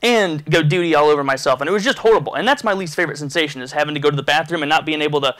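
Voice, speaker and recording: A man telling a crude, rambling story in a casual vlog, animated and full of restarts. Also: fairly high pitch, rapid-fire. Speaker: vlogger.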